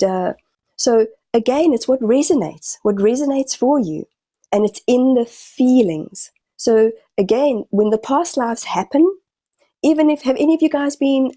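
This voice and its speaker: A woman guest on a podcast, explaining spiritual healing in halting sentences with frequent restarts. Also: fairly high pitch, warm tone, no room sound. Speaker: guest medium and healer. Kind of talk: podcast conversation.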